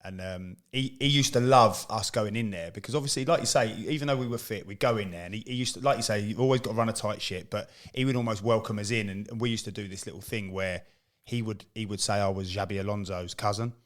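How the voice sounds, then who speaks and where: An English man, an ex-footballer co-hosting a podcast, telling a lively story in casual chat. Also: on the low side, fast talker.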